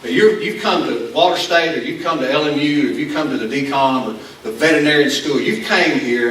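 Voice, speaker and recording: A man's voice: mid-range voice, animated, moderate pace, a bit bright, a little hiss or hum. A man with an Appalachian Southern accent preaching a conversational sermon, telling rambling self-deprecating stories with many restarts. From Appalachian Kentucky. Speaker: pastor. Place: school venue used as church hall. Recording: echoey room from far off.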